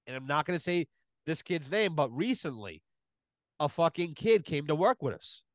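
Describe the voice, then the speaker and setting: A man's voice: on the high side, big pitch swings, moderate pace, dry recording. Profane, emphatic storytelling man. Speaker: podcast guest, plumber. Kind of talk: casual podcast chat.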